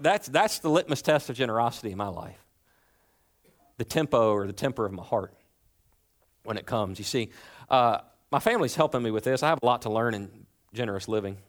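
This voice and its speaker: A pastor in his thirties, his voice sitting on the high side, preaches a sermon in a church. He keeps it loose and conversational, with joking asides and sentences he restarts as he goes. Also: a bit bright. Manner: conversational and playful, with humorous asides and frequent restarts.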